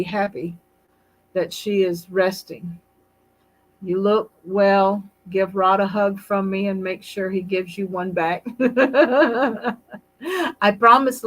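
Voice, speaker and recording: Slow-spoken older woman hosting a live stream. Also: medium pitch, rough recording. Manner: unhurried, gentle, reads chat aloud between stories. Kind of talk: casual live-stream chat. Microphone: computer mic on a live stream.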